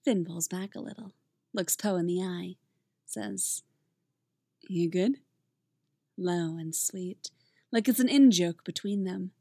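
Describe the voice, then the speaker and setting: Gentle woman reading a story aloud. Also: on the low side, unhurried, creaky, dry recording, clean studio sound. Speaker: audiobook reader. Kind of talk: reading fan fiction aloud.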